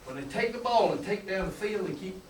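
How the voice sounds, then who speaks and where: An older football coach with a drawl tells stories to a clinic audience in a colorful, emphatic way, laughing as he goes. His voice sits a touch high for a man. It comes from some distance in an echoing room with a faint hum of background noise. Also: expressive, a little fast. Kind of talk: folksy storytelling lecture.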